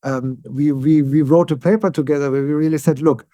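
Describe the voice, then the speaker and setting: A neuroscientist guest speaking as an English speaker, explaining ideas in calm conversation and often checking in with "yeah?". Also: male voice, a little high, no room sound, lo-fi sound. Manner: tag "yeah?" questions, frequent restarts, calm and deliberate.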